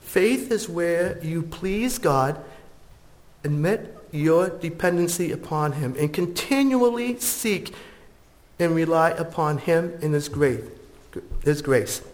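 Casting: a male pastor with a slightly high voice, slow and earnest. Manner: slow, earnest storytelling and prayer. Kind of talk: sermon.

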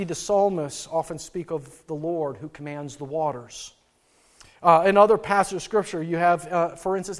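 A man giving a sermon, telling a personal story and retelling scripture in an earnest way, with frequent restarts and fillers. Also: a little high. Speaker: preacher.

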